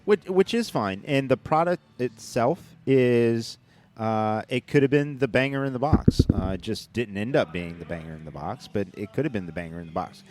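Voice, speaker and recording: A man's voice: mid-range voice, animated, normal speed, a little mellow. Rambling, joking podcast co-host man. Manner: rambling with many restarts; joking, sarcastic. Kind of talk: casual chat.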